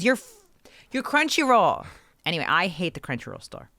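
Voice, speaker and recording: A woman co-hosting a podcast, telling a story in an animated, ranting way with swearing, close to her microphone. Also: mid-range voice, a little fast, clean tone, no echo. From Canada. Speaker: podcast co-host. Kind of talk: casual podcast chat. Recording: dry close-mic sound.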